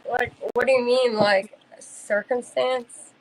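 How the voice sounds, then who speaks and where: A woman's voice: a little high, steady tone, slow, poor audio. A woman guest on a casual podcast, answering hesitantly and searching for her words. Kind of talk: casual chat.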